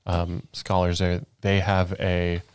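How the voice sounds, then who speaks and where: A man on a games podcast panel, talking in casual chat, thoughtful and measured. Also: sits low, completely flat delivery, clear, resonant tone, no room sound.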